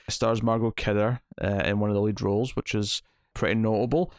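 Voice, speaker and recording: A man's voice: lowish voice, fairly even intonation, brisk, a little mellow, clean tone, no echo, studio quality. A man hosting a casual movie review podcast, rambling and correcting himself as he talks, often breaking into a laugh. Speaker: podcast host.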